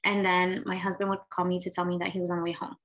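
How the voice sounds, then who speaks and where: A vlogger in her late twenties or thirties shares a personal story candidly and casually, sprinkling in plenty of "like" and "right?" Her fairly low voice is level, quick, and a bit bright, on a low-quality recording.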